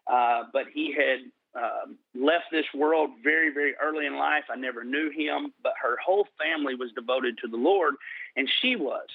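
A middle-aged man telling his personal testimony in an interview, earnest and slowing down for emphasis. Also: medium pitch, vocal fry, no room sound. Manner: earnest storytelling, slows for emphasis. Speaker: guest sharing testimony. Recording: tinny phone-like line.

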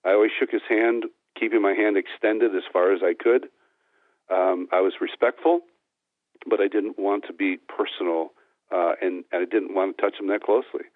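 A man's voice: low voice, steady tone, moderate pace, no echo. A man giving an earnest personal testimony as an interview guest, telling it step by step with frequent restarts. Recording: tinny phone-like dry sound.

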